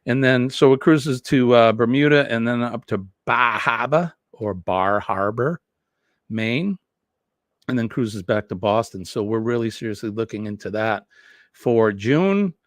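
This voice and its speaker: A man's voice: medium pitch, expressive, measured pace, dry recording, clean studio sound. A man, chatting casually with viewers as host of a morning live stream, rambling and reading comments aloud. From New England. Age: 50s.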